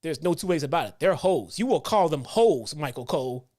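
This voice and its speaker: A man's voice: on the high side, animated, brisk, darkish tone. A man voicing a blunt older male commentator who insists emphatically and repeats himself. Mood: insistent. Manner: emphatic, repetitive, commanding.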